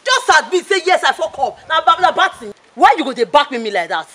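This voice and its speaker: Actress for a high, bright, scolding Nigerian mother, Pidgin accent. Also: big pitch swings, fast talker, exaggerated voice. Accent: Nigerian Pidgin English. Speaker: actor. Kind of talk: Nollywood movie acting.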